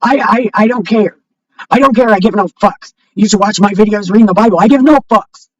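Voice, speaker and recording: A woman's voice: medium pitch, steady tone, a little fast. Foul-mouthed woman vlogger on a heated home rant, dull lo-fi mic. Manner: profane, blunt, rising to shouting. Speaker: video blogger. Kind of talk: unscripted rant to camera. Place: home, with a cat nearby. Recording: dull lo-fi microphone.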